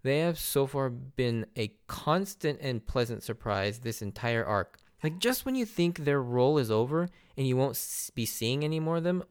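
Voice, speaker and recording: A man giving a casual, animated recap of an anime arc, laughing often and acting out characters' lines. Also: medium pitch, clean tone. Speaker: anime reviewer.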